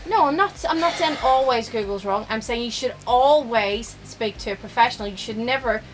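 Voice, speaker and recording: A woman's voice: on the high side, normal speed, soft background music. A woman co-hosting a live stream, chatting casually and insisting firmly on her point. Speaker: stream co-host.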